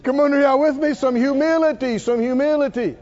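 A man's voice: very high-pitched, fairly even intonation, brisk, darkish tone, big-room sound, dull audio. A man preaching a sermon, firing questions at his congregation and pressing them with emphatic, chuckling delivery. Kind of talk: sermon with call-and-response.

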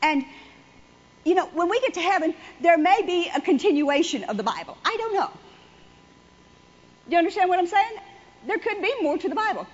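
A woman delivers a sermon in a conversational, repetitive way, driving her points home. Her voice sits high. The recording is dull and lo-fi. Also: expressive, moderate pace, pauses often. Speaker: church speaker.

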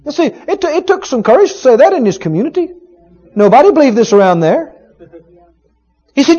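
A man preaching a sermon, retelling a story with emphatic, dramatic rising shouts. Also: very high voice, very animated, a little fast, long pauses. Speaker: pastor. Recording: dull lo-fi sermon recording.

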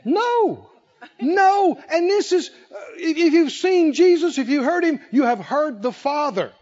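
A male preacher giving a sermon to a congregation, animated and playful, often laughing and acting out scenes. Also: very high voice, moderate pace, dull audio. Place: church service with congregation.

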